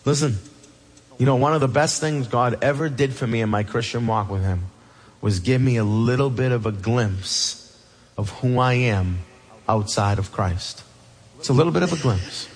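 A man preaching a sermon with passion, dropping low and soft and then rising loud. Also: moderate pace, slightly rough. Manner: impassioned preaching, swings between hushed and loud. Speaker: pastor.

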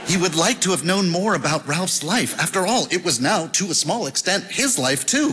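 Man, audiobook narration, animated pitch, bright tone, long reverb. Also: normal speed. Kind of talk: scripted narration.

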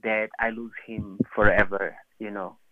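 A man calling in to an advice show, soft and halting, close to tears. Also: on the low side, flat delivery, no echo. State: tearful, close to crying. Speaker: caller. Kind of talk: phone-in call. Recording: tinny dry phone line.

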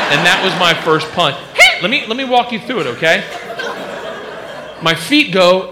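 A man doing stand-up comedy, telling a story in an animated way with loud sound effects. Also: high-pitched, measured pace. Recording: noisy live club.

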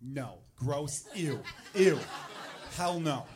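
A man's voice: fairly high pitch, animated, extremely slow. A man doing a stand-up set with crude, exasperated storytelling. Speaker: stand-up comedian.

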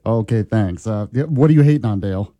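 A male radio co-host with a mellow, warm voice who jumps in with quick, teasing remarks. His pitch moves around a lot. The studio sound is dry. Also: lively intonation, no echo, dull audio. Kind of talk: casual talk radio banter.

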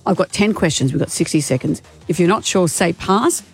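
A woman's voice: on the low side, lively intonation, husky, soft background music. Encouraging Australian woman quiz host. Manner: warm, encouraging, brisk question reading. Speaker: radio host, quiz master. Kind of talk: radio quiz hosting. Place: radio studio.

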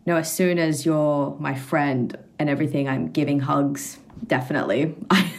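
Low-voiced giggly Australian woman. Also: moderate pace. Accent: Australian, slightly anglicised. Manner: giggly, relaxed, laughs often. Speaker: musician and producer guest. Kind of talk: casual interview chat.

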